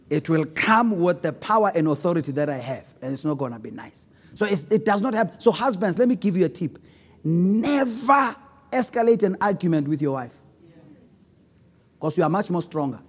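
A man preaching a sermon on relationships, swinging between loud emphasis and low asides. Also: big-room sound. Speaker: pastor.

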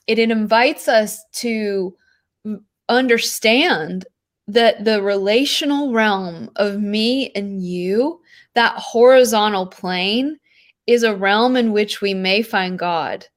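A woman's voice: mid-range voice, takes it slowly. A woman talking about spiritual practice in an earnest, rambling way, full of "like" and "you know". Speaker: podcast guest. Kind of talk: spiritual conversation.

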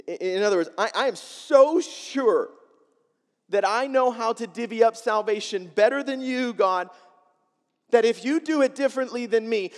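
High-voiced preacher in a reverberant hall. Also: male voice. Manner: expressive, swings between loud emphasis and quiet asides. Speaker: pastor. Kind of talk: sermon. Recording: long reverb of a large hall.

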